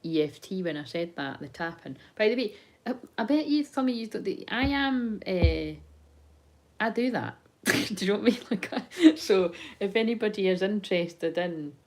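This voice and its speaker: A woman's voice: mid-range voice, expressive, moderate pace, low-quality recording. A woman, a psychic tarot reader chatting casually on a live stream into her phone, rambling, swearing and laughing as she goes.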